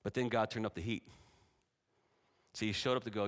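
A middle-aged man preaching a sermon, animated, acting out the lines of the figures he talks about. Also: brisk. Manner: animated, voices God and Jonah with rising pitch and force. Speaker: pastor.

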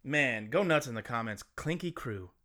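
A man's voice: mid-range voice, lively intonation, normal speed, bright, forceful tone. Joking man on a podcast. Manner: joking, crude and playful. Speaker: podcast co-host. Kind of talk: reading a scary story and casual banter.

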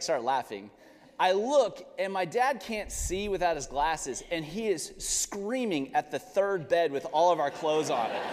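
A man preaching a sermon, telling a family story with lively laughter. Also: sits high. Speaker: pastor. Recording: long reverb of a large hall.

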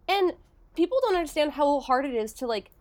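High, lively young woman. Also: a little fast. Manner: excitable, animated, exclamatory. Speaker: podcast co-host. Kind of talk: casual sports chat.

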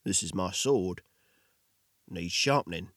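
A man voicing a terse, gruff legendary hero who murmurs in few words. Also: low-pitched, lively intonation, slow, fairly bright tone, no room sound, clean studio sound, voice pushed down, full character voice.

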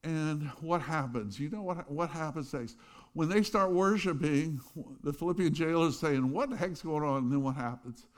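A middle-aged man preaching a sermon, telling stories with loud bursts and quiet asides. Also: on the high side, moderate pace. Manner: animated storytelling, swings between loud bursts and quiet asides. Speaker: pastor.

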